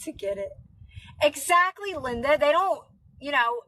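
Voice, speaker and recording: Brief: chatty woman live streamer, high pitch, bright rambling talk. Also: sing-song, unhurried, poor audio. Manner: chatty, rambling with many fillers. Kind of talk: casual live stream chat.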